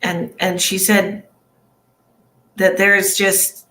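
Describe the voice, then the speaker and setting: Woman psychic, livestream reading. Slow, emotional and earnest, a bit of fry, faint hum behind. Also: mid-range voice, monotone, bright, forceful tone. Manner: rambling with many fillers. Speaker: psychic medium. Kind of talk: live-streamed psychic reading. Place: home livestream.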